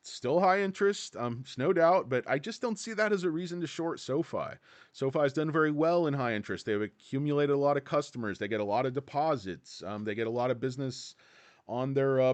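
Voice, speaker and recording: A man's voice: medium pitch, no room sound. A man hosting a casual stock-market livestream, rambling and joking as he talks straight to his chat.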